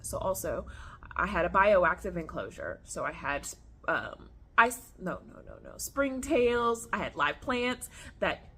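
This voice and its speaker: A woman's voice: on the low side, measured pace, breathy edge. Chatty woman telling a story to viewers. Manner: animated, chatty, addresses viewers as y'all. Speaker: vlogger. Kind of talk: casual storytelling vlog. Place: at home on the floor with her snake.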